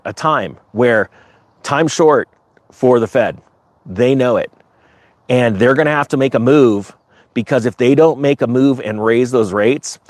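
A man hosting a casual livestream, talking in a rambling, sarcastic way that climbs into high, excited outbursts. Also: no echo. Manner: animated, sarcastic, rising to high excited pitch; rambling with many restarts. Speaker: crypto market livestream host.

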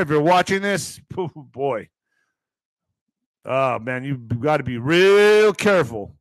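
A man's voice: on the high side, a bit bright, dry recording, rough recording. A man hosting his morning show, rambling casually and profanely while reading news aloud with stumbles.

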